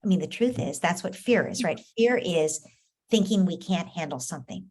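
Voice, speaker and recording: A middle-aged woman coaching a parent, gentle and patient, often acting out the child's and parent's lines herself. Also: on the low side, expressive, normal speed.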